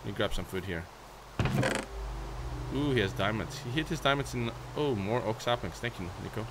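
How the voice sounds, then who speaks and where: A man's voice: on the low side, lively intonation, normal speed, heavy background noise. A young man narrating a Minecraft let's play, chatting playfully to his viewers and often breaking into squeals and baby talk. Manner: bursts into shrieks and baby talk at his horse. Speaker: gaming YouTuber.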